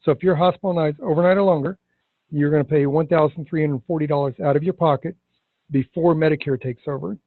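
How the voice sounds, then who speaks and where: A man teaching insurance agents in a sales training session, stressing key words and slowing down for effect. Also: fairly high pitch, steady tone, no room sound, narrow, tinny audio. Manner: emphatic, slows down to stress words.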